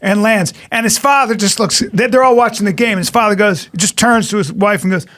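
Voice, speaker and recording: A man chatting as a podcast guest, telling animated stories that turn loud at the punchlines. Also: high-pitched, brisk, no echo. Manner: animated storyteller, gets loud in anecdotes. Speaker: guest comedian. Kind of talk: casual podcast chat.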